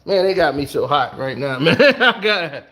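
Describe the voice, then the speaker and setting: A man's voice: a little high, very animated, moderate pace, pushed and bright, a little hiss or hum. A man giving a heated solo commentary from home, blunt and angry, firing off rhetorical questions. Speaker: online commentator.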